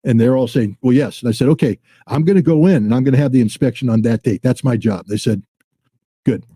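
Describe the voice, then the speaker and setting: A man's voice: medium pitch, quick pace, warm tone, breathy edge, no echo. A man in his sixties, a former weapons inspector, telling a story as an interview guest in a blunt way and acting out quoted exchanges. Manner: blunt, acts out quoted dialogue.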